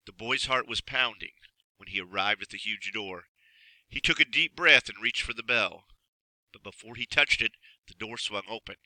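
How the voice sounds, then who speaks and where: A man reads a children's story aloud, expressive and measured, pacing every sentence with care. His voice is strikingly bright and sharp, recorded close and dry, with no room sound. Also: lowish voice, no room sound, poor audio. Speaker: narrator. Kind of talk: storybook reading.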